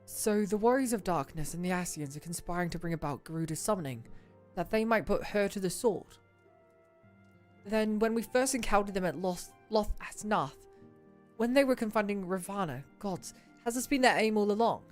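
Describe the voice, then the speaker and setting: Woman reading as a young game noble-scholar, put-on British accent, measured and formal, mid-pitched. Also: faint music behind, close to an everyday voice. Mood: earnest. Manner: formal, measured, old-fashioned diction. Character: earnest young male scholar-diplomat.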